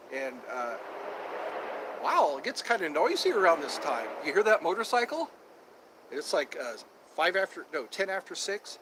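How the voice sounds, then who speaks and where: Man, casual livestream chat, rambling with fillers, slightly high voice, faint outdoor noise. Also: sharp tone, rough recording. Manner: rambling, chatty, many fillers. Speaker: livestream host. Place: outdoors at sunset, traffic passing. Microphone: phone.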